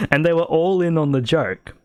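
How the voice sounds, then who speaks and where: A man's voice: a little high, darkish tone, clean tone, no echo, clean studio sound. A man with an Australian accent hosting a casual podcast, telling rambling stories and laughing often. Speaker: podcast host.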